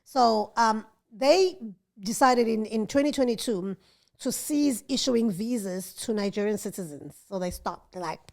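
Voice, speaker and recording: A woman co-hosting a casual chat podcast, animated and chatty, laughing often and mimicking others. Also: fairly high pitch, measured pace, vocal fry. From South Africa. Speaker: podcast co-host.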